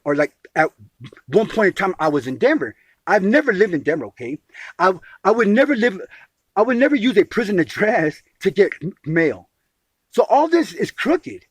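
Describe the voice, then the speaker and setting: Man, emphatic, repeats himself, swinging lively pitch, dry close sound. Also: a little fast, breathy edge, dry recording. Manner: emphatic, repeats words and calls the listener sweetie; restarts phrases often. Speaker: caller telling his grievance.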